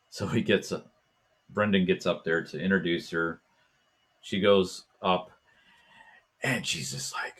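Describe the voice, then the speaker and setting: A man hosting a talk show, telling a story in a casual, animated way and acting out voices and chants as he goes. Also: deep voice, slow pace, long pauses, husky. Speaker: podcast host.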